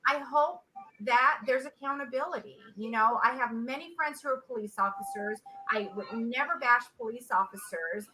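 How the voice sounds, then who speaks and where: A woman's voice: fairly high pitch, moderate pace, background noise. A woman in her forties, an interview guest speaking earnestly on a video call and repeating words for emphasis. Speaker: interview guest, social entrepreneur. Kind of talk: emotional interview talk.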